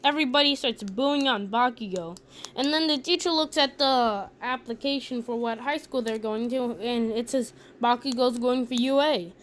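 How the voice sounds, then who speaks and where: Woman narrator, casual and rambling, slightly high voice. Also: moderate pace, a bit bright, a little hiss or hum. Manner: chatty, rambling asides. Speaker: fan storyteller. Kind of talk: casual fan-story narration.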